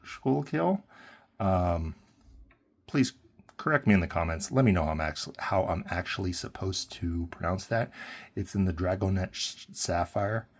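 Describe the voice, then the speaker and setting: A man's voice: lowish voice, breathy edge. A man giving a casual, rambling pen review, full of fillers and self-corrections.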